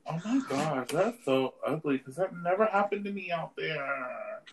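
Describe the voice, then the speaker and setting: A man co-hosts a podcast, trading teasing jokes in casual chat. His voice is fairly high and moves in a lively way. A clear hiss of noise sits under the recording. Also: measured pace. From United States. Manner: teasing, joking banter. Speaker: podcast co-host.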